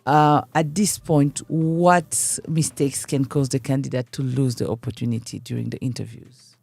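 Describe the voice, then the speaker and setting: A woman hosting a radio talk show, chatty and quick to laugh. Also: very deep voice, steady tone, creaky, darkish tone, husky. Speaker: radio host. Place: radio studio.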